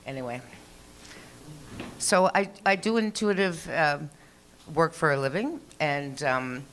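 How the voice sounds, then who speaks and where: A woman's voice: deep voice, slow pace, a little hiss or hum. Chatty profane woman doing stand-up. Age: older. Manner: chatty, profane, animated storytelling with many fillers. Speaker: stand-up comedian. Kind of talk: stand-up comedy set. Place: small comedy venue.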